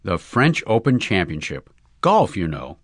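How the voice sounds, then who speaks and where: A man's voice: deep voice, measured pace, no echo, studio quality, heavily acted. Man doing an eager young golfer in love. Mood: earnest. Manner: earnest, excitable, slangy.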